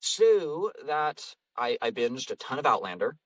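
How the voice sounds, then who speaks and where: A man's voice: mid-range voice, sing-song, measured pace, fairly bright tone, no room sound, distant mic, poor audio. A man, an audiobook narrator and voice actor, chatting casually in an interview, rambling and self-deprecating, laughing often. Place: home vocal booth.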